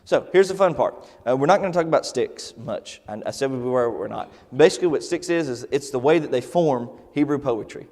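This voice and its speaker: A man's voice: mid-range voice, animated, fairly quick, hardly any pauses, a little mellow, big-room sound. Casual man teaching a church Bible class. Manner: casual, conversational, many fillers and restarts. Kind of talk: Sunday Bible class lecture.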